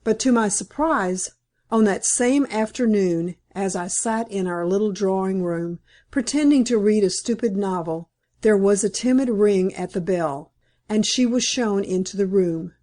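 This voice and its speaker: A woman reading a classic novel aloud as an audiobook narrator, in a measured, composed manner. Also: mid-range voice, warm tone.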